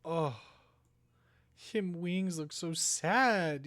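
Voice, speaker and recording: A man's voice: mid-range voice, lively intonation, a little slow, long pauses, a bit bright, no echo. A young man hosting a let's play, reacting with dramatic, exaggerated outrage and sorrow in casual gameplay commentary.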